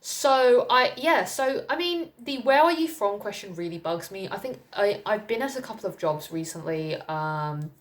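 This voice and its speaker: A woman's voice: medium pitch, animated, normal speed, few pauses. A young woman from England talking candidly to camera in a casual vlog, chatty, with fillers and laughter. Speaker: vlogger. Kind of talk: casual personal talk to camera.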